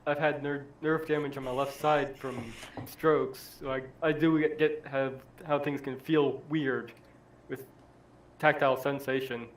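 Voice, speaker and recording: A man in casual chat who speaks haltingly and repeats his words. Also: mid-range voice, little pitch movement, a little hiss or hum.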